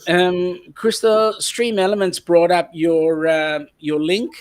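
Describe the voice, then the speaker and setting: A man's voice: high voice, level tone, slow, clean tone. A man co-hosting a casual live stream chat, teasing his guests and reading out viewer comments.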